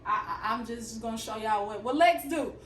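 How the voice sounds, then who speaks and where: A woman's voice: fairly high pitch, moderate pace, fairly bright tone, far from the mic, a little hiss or hum. Chatty Southern woman in a roomy kitchen. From Alabama. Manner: chatty, playful, talks straight to viewers. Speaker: fitness and cooking vlogger. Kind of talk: casual cooking vlog. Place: home kitchen. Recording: roomy kitchen audio, mic set back.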